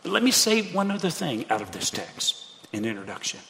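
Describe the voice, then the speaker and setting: A man's voice: on the high side, big pitch swings, fairly quick, gravelly, fairly bright tone, a little hiss or hum. A pastor preaching a sermon in an earnest, conversational way, often repeating his phrases. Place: church sanctuary. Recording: preacher in a reverberant sanctuary.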